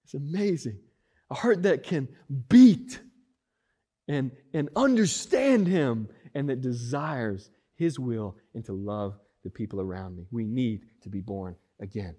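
A man preaching a sermon as pastor, with emphatic rises and drawn-out stressed words. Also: medium pitch, animated, warm tone.

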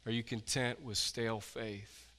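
A man preaching a sermon as pastor, impassioned, swinging from loud pleading to hushed questions. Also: medium pitch, little pitch movement, a little slow, long reverb tail. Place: church.

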